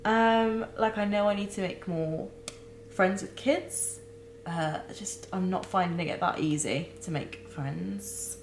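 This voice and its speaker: A young woman recording a candid personal vlog, talking haltingly with many restarts and close to tears. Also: mid-range voice, echoey room, slight background noise, low-quality recording. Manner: halting, searching for words, many fillers and restarts. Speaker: vlogger.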